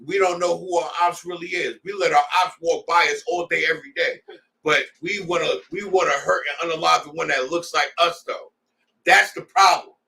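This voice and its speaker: A man's voice: on the high side, fairly even intonation, fairly quick, gravelly, pushed and bright, far from the mic. A man leading a scripture class, preaching in a heated, blunt way with street slang. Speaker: class leader.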